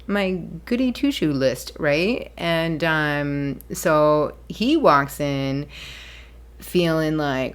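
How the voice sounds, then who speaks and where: Woman, low voice, solo podcast host, rambling and chatty, laughs easily. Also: takes it slowly. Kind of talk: casual solo podcast monologue.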